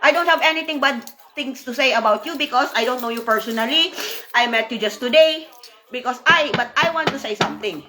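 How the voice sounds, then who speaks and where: High-voiced woman venting emotionally. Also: fairly quick, bright, forceful tone. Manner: emotional, repeats herself, frequent "you know". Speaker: former apprentice. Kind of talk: emotional personal vlog monologue.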